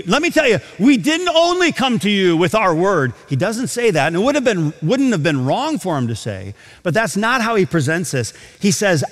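A man preaching a sermon, slowing down to stress scripture, emphatic and earnest. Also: sits high. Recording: hall reverb.

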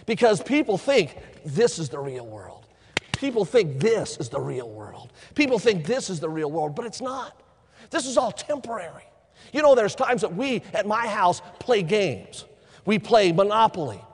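In a church sanctuary, a middle-aged man preaches a sermon with a high-sitting, sing-song, breathy-edged voice, unhurried in pace. He tells stories and repeats phrases for emphasis, and long hall reverb fills the recording.

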